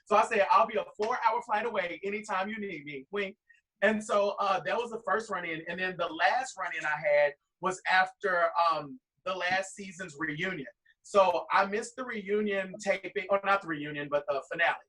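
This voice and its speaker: A drag performer guest telling a long, rambling anecdote full of quoted dialogue. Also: male voice, high voice, normal speed, bright, forceful tone, far from the mic, low-quality recording. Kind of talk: animated storytelling.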